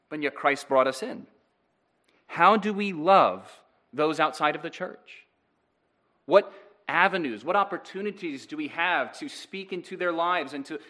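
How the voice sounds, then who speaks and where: Pastor, male, slightly high voice, earnest sermon delivery with questions to the pews. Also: fairly bright tone. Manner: earnest preaching with rhetorical questions to the congregation.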